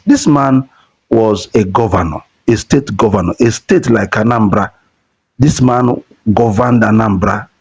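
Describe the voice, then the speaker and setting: A man's voice: mid-range voice, creaky, a little mellow, breathy edge. A man with a Nigerian accent giving earnest political commentary to supporters, repeating points for emphasis. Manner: earnest, repetitive, building to emphasis.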